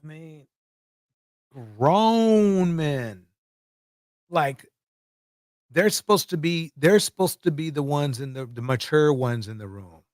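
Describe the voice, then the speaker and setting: A man's voice: fairly high pitch, expressive, slow pace, long pauses, darkish tone, no echo, studio quality. A man hosting livestream commentary, emphatic and repeating words for effect. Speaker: commentary host.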